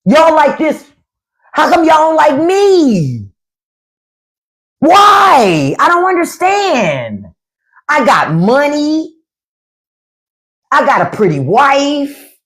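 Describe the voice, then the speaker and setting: A woman's voice: high-pitched, huge pitch swings, drawn-out words, long pauses, a bit bright, pitched above the performer's own voice, heavily acted. A woman doing a whiny man begging to be liked. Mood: whining. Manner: pleading, petulant, childish.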